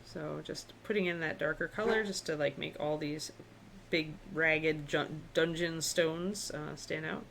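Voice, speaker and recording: Woman with a lowish voice, easygoing stream host talking through her brushwork. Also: a little slow, vocal fry, slight background noise. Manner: relaxed, chatty, thinking aloud while painting. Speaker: miniature painting instructor. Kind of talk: live-stream painting tutorial.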